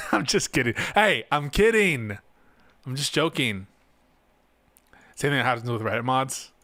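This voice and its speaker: A man's voice: medium pitch, normal speed, sharp tone, no echo. A man hosting a casual reaction stream, making sarcastic jokes and laughing at the clips. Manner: sarcastic, laughing, joking asides. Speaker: streamer host.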